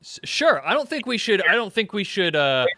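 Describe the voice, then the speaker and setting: A man's voice: high voice, very animated, normal speed, pushed and bright, dry recording. Rambling male host, dry sound. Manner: rambling, restarts questions. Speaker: show host. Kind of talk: casual panel chat.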